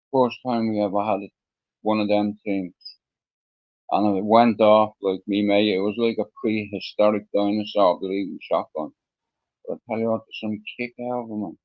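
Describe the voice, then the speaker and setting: Rambling Dublin man, dull lo-fi sound. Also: on the low side. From Ireland. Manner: rambling, with many fillers and swearing. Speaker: guest. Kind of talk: casual storytelling interview.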